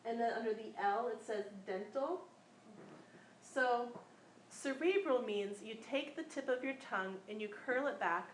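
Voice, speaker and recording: A woman with a fairly high voice leads a small class and explains things conversationally. She patiently demonstrates each sound and repeats it. The recording is roomy and echoey, with a faint hiss underneath. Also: lively intonation, unhurried. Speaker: Sanskrit pronunciation teacher. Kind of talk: informal class instruction. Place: room with students present. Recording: echoey room with faint background noise.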